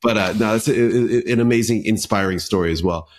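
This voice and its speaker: A man hosting a casual podcast interview, asking questions with many fillers and pauses. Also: lowish voice. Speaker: podcast host.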